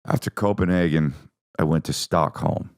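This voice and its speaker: A man's voice: low voice, moderate pace, a little mellow. A man hosting a podcast, a stand-up comedian telling casual, rambling, profane stories with sarcastic asides.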